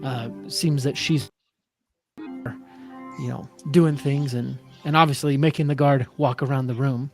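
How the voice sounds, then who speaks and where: A man's voice: medium pitch, fairly even intonation, measured pace, a little mellow, soft background music. A man running a tabletop game as game master, talking with many hesitant fillers over a video call.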